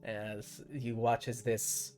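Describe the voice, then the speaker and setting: A man narrating as dungeon master of a tabletop game, relaxed and halting, with pauses and fillers. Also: medium pitch.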